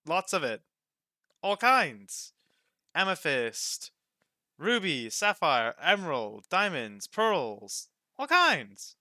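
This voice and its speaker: A man voicing a timid, greedy male shop assistant who eats gems, in a high squeaky voice that stammers when scared. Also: big pitch swings, slow pace, pushed and bright, no echo, studio quality, full character voice. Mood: excited.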